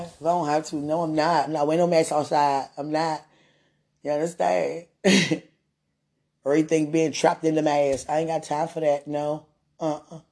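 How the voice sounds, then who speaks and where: In a low, husky voice, a woman rambles through a casual, playful monologue, laughing often and swinging between loud bursts and soft murmurs.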